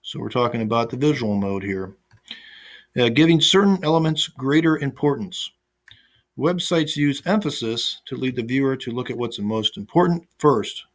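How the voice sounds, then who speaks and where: Guy teaching an online class, mid-pitched voice, laid back, lots of uhs and restarts, recorded at his computer. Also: moderate pace. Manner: casual and conversational, with frequent fillers and restarts. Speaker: instructor. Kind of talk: recorded online lecture with screen share.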